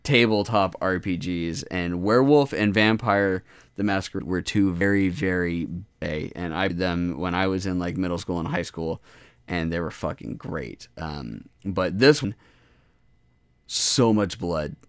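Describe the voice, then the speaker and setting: Male co-host, low smooth voice, excitable and sweary, dry studio sound. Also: unhurried, no room sound. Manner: excitable, swearing, laughing often. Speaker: podcast co-host. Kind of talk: casual chat.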